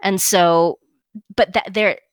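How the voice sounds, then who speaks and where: A woman co-hosting a podcast, talking in firm, emphatic statements that drop in pitch at the end. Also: steady tone, slow, clear, resonant tone, no room sound. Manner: emphatic, declarative, downward-inflected statements. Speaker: podcast co-host. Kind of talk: opinionated podcast commentary.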